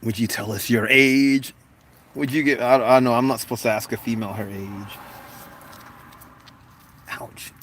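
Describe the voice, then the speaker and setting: A man's voice: fairly even intonation, measured pace, long pauses, a bit bright, slightly rough. Laughing man in his forties chatting. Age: 40s. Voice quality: voice not very deep. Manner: laughs often, jokes about putting on accents. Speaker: livestream host. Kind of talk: casual livestream chat reading comments.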